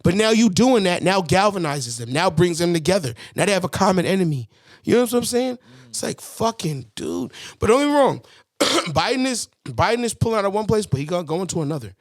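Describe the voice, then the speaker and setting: A man rambles through a comedy podcast, cursing freely and cracking himself up. His voice sits a bit high and moves with lively swings in pitch. The sound is close and dry, straight into the mic. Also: a little fast, dry recording. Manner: rambling, profane, animated, laughs often. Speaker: podcast co-host. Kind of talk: casual comedic podcast chat. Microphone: podcast mixer mic.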